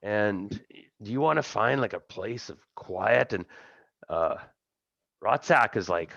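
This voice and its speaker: A man's voice: on the low side, lively intonation, moderate pace, creaky, a bit bright, no room sound, dull audio. A man running a tabletop game as game master, narrating casually with fillers.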